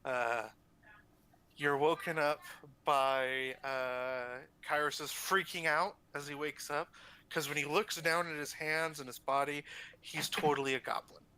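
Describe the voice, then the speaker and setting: A man's voice: fairly high pitch, fairly even intonation, a little slow, sharp tone, clean tone, poor audio. A man narrating as game master of a tabletop game, with hesitant restarts.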